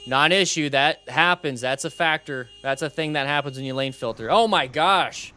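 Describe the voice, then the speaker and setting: A young man hosting a motorcycle channel, commenting on riding videos in a casual, animated way and giving blunt advice. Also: medium pitch, moderate pace, clear, resonant tone.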